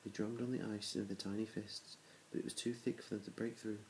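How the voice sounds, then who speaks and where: A man's voice: on the low side, flat delivery, brisk, darkish tone, slight background noise, poor audio. A man reading a children's storybook aloud to his children, in a plain reading voice with small restarts. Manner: plain reading with small restarts, little change between characters.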